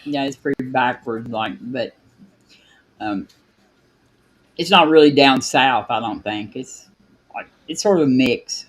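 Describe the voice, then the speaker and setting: A man's voice: mid-range voice, unhurried, pauses often, husky, rough recording. A man from Kentucky with an Appalachian hillbilly accent, chatting casually and a bit hesitantly as host of a group call. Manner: folksy, hesitant, lots of fillers. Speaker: streamer hosting a birthday call.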